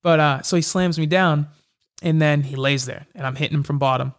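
A man's voice: on the high side, fairly quick. A young man, a mixed martial arts fighter, telling fight stories in a casual interview and acting out the exchanges. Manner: animated, acts out quoted exchanges. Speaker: MMA fighter guest.

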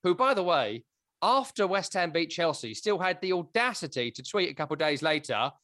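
A man's voice: a little high, very animated, a little fast, pushed and bright, no echo, studio quality. A man hosting a podcast, telling stories in a chatty, wry way. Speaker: podcast host. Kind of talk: casual podcast chat.

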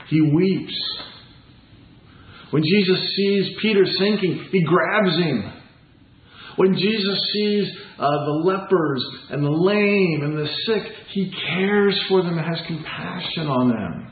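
A pastor preaches a sermon in an earnest, conversational way, putting rhetorical questions to the congregation. His voice is on the high side and slow. The room is echoey and the sound is tinny, like a phone.

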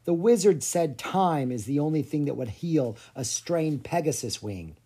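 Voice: mid-range voice, lively intonation, unhurried, dark tone, breathy edge. A storyteller voicing an earnest, bold young boy in a children's storybook.

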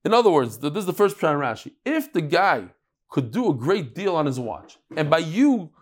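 Animated man teaching Talmud. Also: a little high, normal speed. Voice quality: animated, storytelling with acted quotes and sudden loud punches. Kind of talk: lively Talmud lecture.

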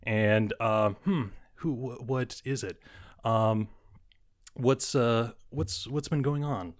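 Halting man running a tabletop game. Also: mid-range voice. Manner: halting, many ums and restarts. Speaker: game master. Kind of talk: narrating a tabletop horror game.

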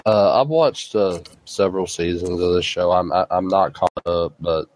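A sick man with a raspy voice, chatting hesitantly on a casual podcast. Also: deep voice, normal speed, a little mellow, no echo. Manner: hesitant, lots of fillers. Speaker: podcast co-host. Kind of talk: casual chat.

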